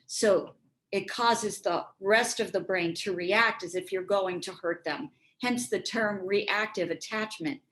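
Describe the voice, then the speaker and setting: A woman's voice: mid-range voice, unhurried, a bit bright, poor audio. A woman leads a workshop talk over a video call, earnest and reflective in tone. Her voice sits in the middle of the range, and she slips into little acted lines of dialogue as she explains. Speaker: speaker on resilience and relationships.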